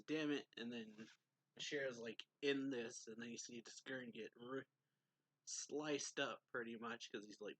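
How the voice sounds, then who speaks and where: A man's voice: mid-range voice, bright, forceful tone. A man giving a casual, rambling recap of a manga chapter as a reviewer. He fills his talk with "like" and reads quoted lines aloud along the way.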